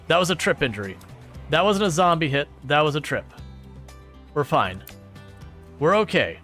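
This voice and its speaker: Excitable man narrating his gameplay. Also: medium pitch, normal speed, long pauses, faint music behind. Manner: excitable, reacts aloud to the game, laughs often. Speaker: gaming channel host. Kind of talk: casual gameplay commentary.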